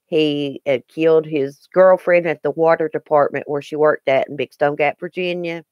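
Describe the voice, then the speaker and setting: A woman's voice: low voice, fairly even intonation, moderate pace, no room sound, lo-fi sound. A woman hosting a casual live stream, chatting earnestly with viewers and replying to their comments. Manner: chatty and earnest, with frequent ums and restarts. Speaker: YouTube live-stream host.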